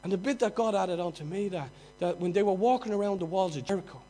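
A man with a Dublin accent preaching a sermon, moving from quiet, conversational asides to loud, mocking outbursts. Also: sits high, fast, low-quality recording. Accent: Dublin Irish. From Dublin, Ireland.

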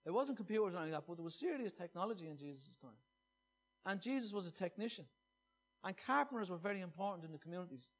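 Male preacher, high voice, earnest, loud emphatic bursts, hushed soft readings. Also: animated, quick pace. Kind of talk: sermon.

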